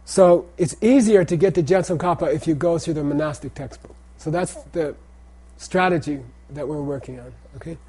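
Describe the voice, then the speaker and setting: A middle-aged man teaches a class on Tibetan pronunciation and Buddhist texts, speaking in a warm, somewhat high voice at a normal speed with few pauses. He repeats phrases and keeps checking in with his students by asking "okay?"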